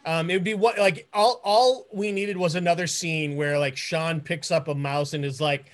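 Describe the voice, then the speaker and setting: A man's voice: a little high, fairly even intonation, normal speed. A man co-hosting a podcast, chatting casually with many fillers and restarts, sometimes mimicking characters. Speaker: podcast co-host. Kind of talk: casual chat.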